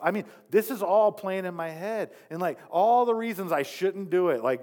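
A male pastor giving a sermon built around a personal testimony, telling the story with animation and dropping to soft, earnest tones when he quotes himself. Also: high-pitched, expressive, moderate pace, hardly any pauses.

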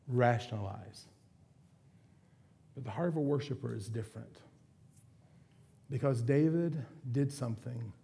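A man's voice: medium pitch, creaky, dark tone. A man preaching a sermon, retelling a story in a casual, conversational way. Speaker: pastor.

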